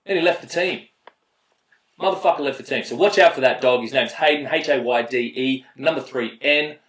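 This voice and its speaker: A man's voice: medium pitch, fairly quick, fairly bright tone, reverberant, poor audio. An Australian man hosting casual gameplay commentary, talking bluntly and swearing freely as he rants. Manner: blunt, profane, ranting. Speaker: mobile game player and channel host.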